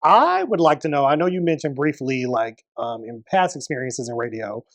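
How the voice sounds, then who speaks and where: A woman hosting a casual interview podcast, asking questions in a relaxed way and affirming her guest often. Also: extremely low pitch, moderate pace. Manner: relaxed, lots of affirming backchannels. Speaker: podcast host.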